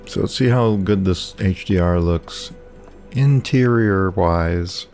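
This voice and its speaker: At home, a man with a low, darkish voice slowly comments on the game he's playing, with soft music in the background. He rambles wryly and talks back to the characters.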